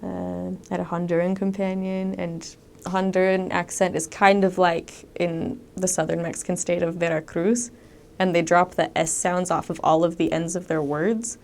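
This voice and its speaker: A young woman, a returned missionary, relaxes into a conversational monologue about her missionary experiences. Her slightly low, creaky voice moves at normal speed, full of ums and lively quoted asides.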